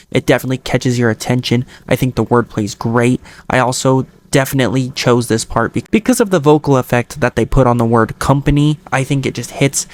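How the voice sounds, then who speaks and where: A man giving an enthusiastic, chatty album review to his viewers, talking like an excited fan and cracking playful jokes along the way. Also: medium pitch. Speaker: music reviewer YouTuber. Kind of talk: casual album review monologue.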